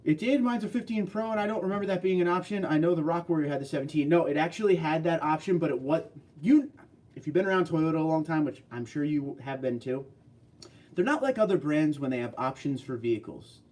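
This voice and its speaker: A man from California hosts a casual livestream, chatting loosely, reading viewer comments and answering questions as they arrive. His voice sits a little high and a little mellow, his pace is quick, and the mic sounds distant.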